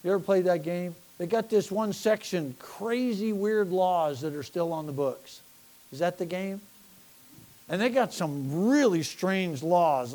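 A middle-aged American man preaching a sermon with rising fervor, addressing his congregation directly. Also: on the high side. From United States. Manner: impassioned, rising to near-shouting, talking directly to a congregation. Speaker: pastor.

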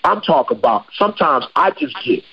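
A man with a fairly high, husky voice hosts a podcast in loose, slangy chat. He tells stories with animation, and the audio sounds dull and lo-fi. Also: fairly quick. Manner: slangy, animated storyteller who acts out quotes. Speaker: podcast host.

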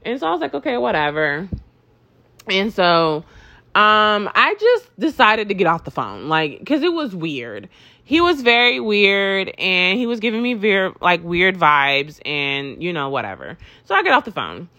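A woman's voice: medium pitch, unhurried. A woman telling a rambling, profanity-laced storytime in a casual chat, acting out both sides of the conversation. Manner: profane, rambling, filler-heavy; animated, acts out both sides.

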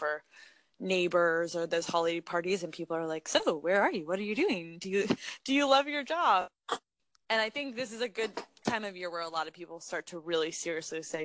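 A woman's voice: lowish voice, fairly bright tone, no echo. A young woman hosting a podcast, chatting casually, asking questions and laughing along. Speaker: podcast host. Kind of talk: casual chat.

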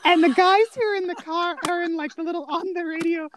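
A woman's voice: very high-pitched, fairly even intonation, fast, slight background noise. A woman co-hosting a casual film chat, animatedly retelling favorite scenes. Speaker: podcast co-host.

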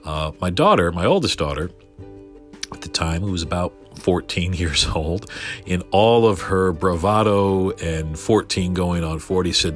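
Man, middle-aged, very low pitch, casual storytelling, excitable, stammering restarts, faint music in the background. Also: a little slow. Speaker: podcast guest telling a story.

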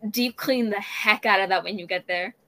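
A young woman co-hosting a podcast in casual chat, excitable and emphatic. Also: mid-range voice, normal speed, rough recording. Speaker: podcast co-host.

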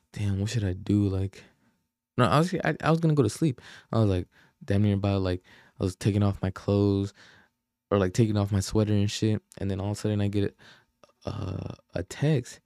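A young man on a podcast tells a story in a casual, slang-heavy way, swearing and often losing his thread. His voice is low, dark and relaxed. The sound is dry and close. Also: normal speed, no room sound. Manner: rambling, slangy, profane, loses his train of thought. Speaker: podcast host.

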